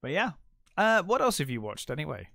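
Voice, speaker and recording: A man's voice: fairly high pitch, very animated, a little fast, gravelly, bright, forceful tone, dry recording, studio quality. A middle-aged man co-hosting a casual film podcast, hedging and hesitant, with many ums and restarts. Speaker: podcast co-host. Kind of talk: casual film review chat.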